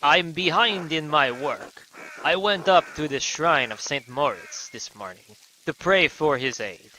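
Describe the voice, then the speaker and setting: A man's voice: a little high, animated, unhurried, bright, forceful tone, slight background noise, voice pushed up, low-quality recording. A man voicing a devout, worried young husband with a German accent. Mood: earnest. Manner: earnest, worried.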